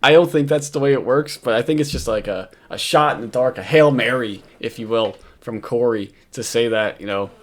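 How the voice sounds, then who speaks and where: A man's voice: medium pitch, fairly quick, hardly any pauses. A man with a New York accent, talking through a casual reaction commentary. He rambles between points, swears freely and keeps breaking into laughter as he mocks what he is watching.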